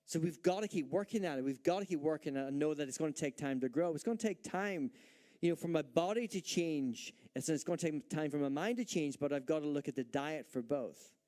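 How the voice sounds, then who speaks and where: A man's voice: on the high side, mellow. Emphatic man preaching a sermon. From Northern Ireland. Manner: emphatic preaching with rhetorical questions and acted-out doubts. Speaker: pastor.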